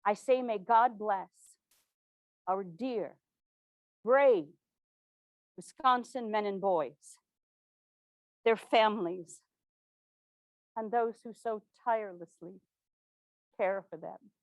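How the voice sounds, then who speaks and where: A woman playing an earnest 1860s governor's widow, recounting events in a formal, measured period manner. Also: medium pitch, no room sound. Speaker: living historian. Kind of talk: first-person historical portrayal.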